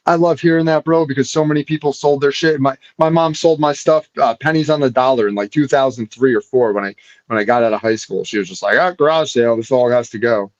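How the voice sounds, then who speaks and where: A man's voice: medium pitch, fast talker, dry recording, dull audio. Laid-back man saying bro and dude. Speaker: guest. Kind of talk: casual live show chat.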